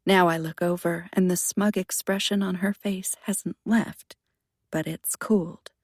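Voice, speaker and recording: A woman narrating a first-person thriller audiobook in a low, hushed, measured way. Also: fairly even intonation, husky, no echo, clean studio sound.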